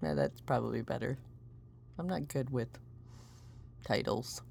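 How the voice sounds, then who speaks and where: A woman's voice: very deep voice, unhurried, gravelly, darkish tone, a little hiss or hum. A woman hosting a podcast in casual, comic chat, dry and self-deprecating and playing grumpy. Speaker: podcast host.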